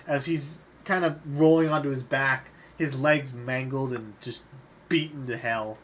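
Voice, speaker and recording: A man's voice: mid-range voice, steady tone, unhurried, a bit bright, slight background noise. A man running a tabletop role-playing game, narrating the action in a descriptive, matter-of-fact way. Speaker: game master.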